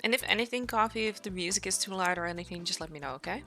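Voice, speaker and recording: A woman's voice: medium pitch, racing, sharp tone, faint music behind. A woman streamer chatting casually to her viewers, rambling with lots of fillers, her voice tired from a long day of talking. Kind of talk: casual live-stream chat.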